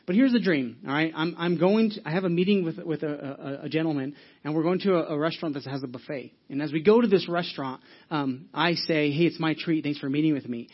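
A man preaching a sermon, telling a story with lots of restarts and quick acted asides. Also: on the high side, husky, muffled recording. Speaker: pastor.

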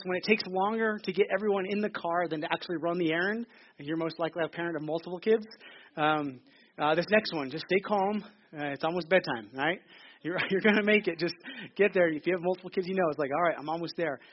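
Fast-talking, high-voiced joking pastor. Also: male voice, a little hiss or hum. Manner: joking, chatty, full of quick restarts. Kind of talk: sermon. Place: theater. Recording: slightly dull lo-fi recording.

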